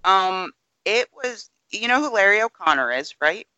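Male podcast co-host, higher voice, very bright and smooth, measured explainer, dry dull recording. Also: animated, dry recording. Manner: measured, explanatory, hedging with ums. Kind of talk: casual political chat.

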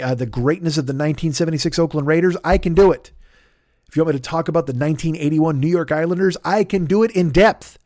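Man, hoarse, podcast host, jokey and profane, slightly high voice. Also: a little mellow, dry recording, clean studio sound. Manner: loose, profane, jokey, riffing. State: hoarse throat. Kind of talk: casual podcast plugs and chat.

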